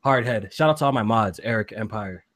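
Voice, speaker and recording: A man hosting a casual gaming podcast, talking in loose slang and getting loud and hyped when he jokes around. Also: on the low side, brisk, no room sound. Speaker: podcast host.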